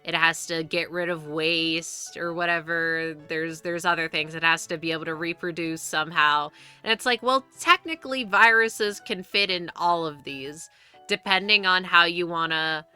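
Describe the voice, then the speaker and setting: Young woman, streamer, rambling casual chat, crisp smooth voice, swears a lot, restarts often. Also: on the low side, steady tone, moderate pace, sharp tone, soft background music.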